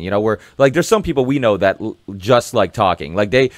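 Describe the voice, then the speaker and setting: A man's voice: medium pitch, sing-song, fast talker, few pauses, dry recording. A young man hosting a podcast in casual chat, rambling and passionate, swearing and restarting as he goes. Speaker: podcast host.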